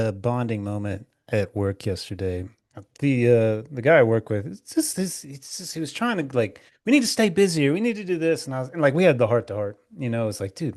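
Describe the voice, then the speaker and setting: A man co-hosting a podcast over a remote call, chatting in a relaxed, rambling, sweary way. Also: medium pitch, moderate pace, no room sound, studio quality. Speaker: podcast co-host. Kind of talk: casual chat.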